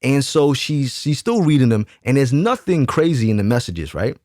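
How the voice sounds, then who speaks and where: A man's voice: medium pitch, expressive, moderate pace, darkish tone, dry recording, studio quality. A man hosting his own channel, telling a story in a casual, slangy way and acting out quoted arguments in changing voices. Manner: slangy, repeats himself for emphasis. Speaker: channel host. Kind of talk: casual storytime monologue to camera.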